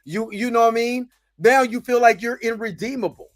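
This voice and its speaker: Animated man recapping in casual slang. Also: brisk, dry recording. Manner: rambling, conversational, repeats "you know what I mean"; animated, rises in pitch when worked up. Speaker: host reviewing a TV episode.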